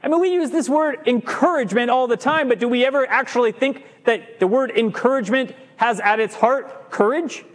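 A male pastor with a very high voice delivers a lively sermon to his congregation. He lingers on the words he wants to land and trips over himself now and then. His voice rings through the long reverb of a church hall. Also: a little fast, few pauses. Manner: lively preaching, stretches key words, stumbles and restarts. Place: church sanctuary.

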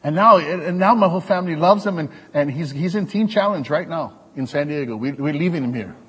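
A male preacher giving an animated, joking sermon to his congregation. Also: on the high side, a little fast, husky, in a large hall. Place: church hall.

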